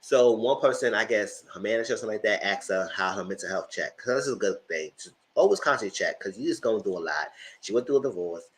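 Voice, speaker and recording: Man, low voice, very lively pitch, AAVE, casual reality-show recap, chatty. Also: quick pace, a little hiss or hum, low-quality recording. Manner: chatty, animated, jumps into high falsetto when quoting himself. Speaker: TV recap commentator.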